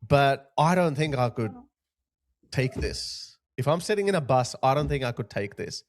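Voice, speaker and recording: A man's voice: mid-range voice, expressive, moderate pace. A man hosting a video, giving indignant reaction commentary on clips, with laughing asides. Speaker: YouTube commentator host.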